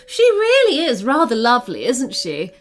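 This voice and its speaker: A woman's voice: on the high side, wildly swooping pitch, normal speed, faint music behind. A woman voicing a serious, regal female red panda queen for a storybook reading.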